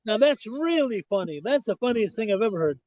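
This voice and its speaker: An older man from Quebec with a French accent talks through a story as a podcast guest. His voice sits high for a man, and he keeps circling back with "I said" and restarts. The sound is dull and dry, like a lo-fi remote call. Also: a little fast, dry recording. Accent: Québécois French. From Quebec, Canada. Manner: animated storyteller, many restarts and "I said". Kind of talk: storytelling interview.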